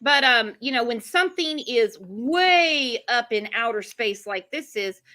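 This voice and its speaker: Woman live-stream host, high bright voice, casual chat. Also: lively intonation. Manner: chatty, fast asides to chat. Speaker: livestream host.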